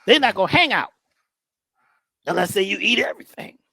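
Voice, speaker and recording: A man's voice: high-pitched, unhurried, creaky, husky, no room sound. Folksy joking guy telling stories, voice all over the place, dry close sound. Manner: lively, joking, preacherly, folksy. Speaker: guest speaker. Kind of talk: animated storytelling talk.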